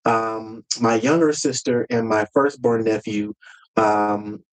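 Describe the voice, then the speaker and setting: A man's voice: on the low side, steady tone, slow, rough recording. A man as a podcast guest, telling a personal family story earnestly and with emotion, sometimes acting out heated words.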